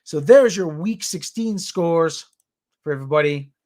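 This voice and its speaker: A man's voice: a little high, animated, unhurried, a little mellow. A man from the New area, hosting a casual news roundup in a rambling way with jokey asides. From New York area. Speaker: show host.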